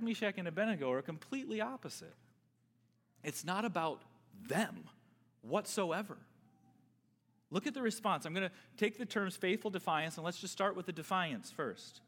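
A man preaching from the pulpit, his slightly raised voice rising into loud emphasis and dropping to quiet asides. He repeats words as he presses a point home. The sound rings with a long reverb in a large hall. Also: a little high. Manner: earnest, repeats words while building a point. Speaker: pastor. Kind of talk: sermon.

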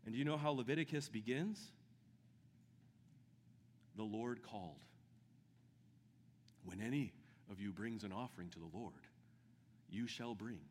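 A man preaching a sermon with great enthusiasm, dropping to a hush and then building to shouts. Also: on the low side, animated, a little slow, long pauses, big-room sound. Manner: enthusiastic, swings from hushed to shouting. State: out of breath. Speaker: pastor.

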